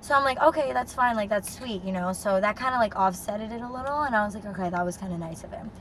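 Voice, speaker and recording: A young woman telling a dating story as a podcast co-host, animated and swearing freely, with lots of "like". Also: medium pitch, quick pace, a little hiss or hum. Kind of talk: casual storytelling chat.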